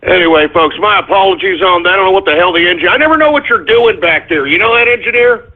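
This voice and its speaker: High-voiced man hosting radio over phone. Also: fast. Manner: exasperated, scolding asides to an unseen crew and a dog. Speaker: radio show host. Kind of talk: comedic talk radio monologue. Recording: phone-like narrow-band audio.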